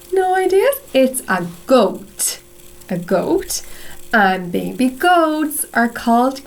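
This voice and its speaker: A young woman teaching English to small children, slowly reading a picture story and asking them questions. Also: on the high side. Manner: slow, sing-song and encouraging, with questions to the children. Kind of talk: slow storybook reading lesson for kids.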